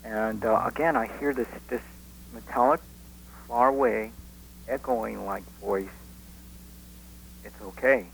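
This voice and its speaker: A man who witnessed an event, recalling it haltingly with many restarts as a guest on a radio interview. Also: mid-range voice, vocal fry, a little hiss or hum, poor audio. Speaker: eyewitness guest.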